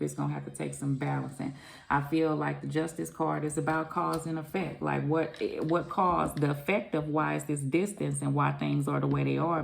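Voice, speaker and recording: A woman's voice: sits low, vocal fry, a little hiss or hum. A woman giving a casual tarot reading to camera, rambling and musing aloud, often trailing off and circling back to how she feels. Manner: rambling, loose, repeats "I feel like"; muses aloud, trails off with "I don't know". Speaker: tarot reader.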